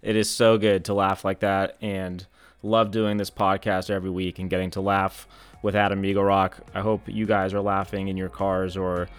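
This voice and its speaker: A man's voice: low voice, flat delivery, moderate pace, clear, resonant tone. A man hosting a comedy podcast, talkative and telling stories with plenty of laughter. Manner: talkative, laughs often, acts out quotes. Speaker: podcast host. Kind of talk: casual comedic banter and storytelling.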